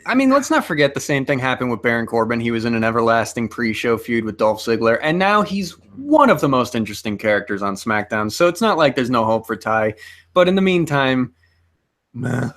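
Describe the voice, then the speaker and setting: Argumentative man with a lively voice. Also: medium pitch, a little fast. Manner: argumentative, asks pointed questions. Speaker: podcast co-host. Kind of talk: casual chat.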